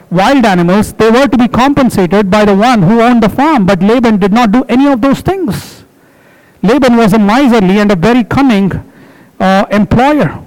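A man with a high voice preaches a sermon to his congregation. He drives each point home with emphatic repetition and stops to explain words along the way. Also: rough recording.

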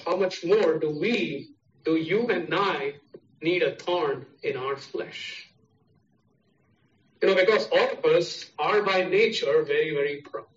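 A man with an Indian English accent delivers a sermon and drives each point home with repeated, parallel phrases. His voice sits fairly high. The recording sounds muffled and echoes around a room. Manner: repetitive, emphatic preaching with listed parallel phrases. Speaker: preacher. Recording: echoey, distant, dull sound.

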